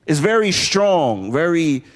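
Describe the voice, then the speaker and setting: A man doing a stand-up comedy set, telling animated stories and shouting out impressions. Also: on the high side, takes it slowly, big-room sound. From New York. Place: comedy club stage with a live audience. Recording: crowd laughter and room noise.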